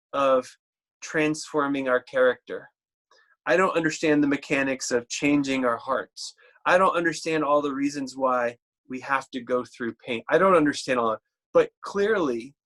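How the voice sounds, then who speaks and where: A man preaching a sermon in a conversational, halting way, with frequent restarts and slower, weightier reading of scripture. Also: fairly high pitch, a bit bright.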